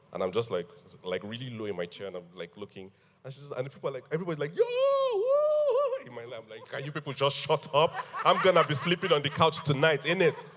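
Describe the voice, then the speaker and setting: A man telling an animated story on a panel, laughing and acting out what people said. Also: fairly low pitch, in a large hall. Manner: animated, laughing storyteller who acts out quotes. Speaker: guest.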